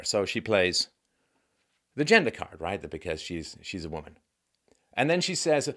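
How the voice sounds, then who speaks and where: Sardonic man with a lively voice. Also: sits low, normal speed. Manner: wry and sardonic, with sighs and asides. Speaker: commentary vlogger. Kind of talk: opinionated commentary monologue.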